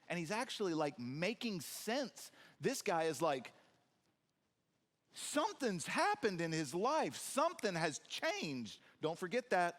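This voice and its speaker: A man with a fairly high voice preaches a sermon in a church sanctuary. He is animated and acts out scenes in different voices, joking with the congregation. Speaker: pastor.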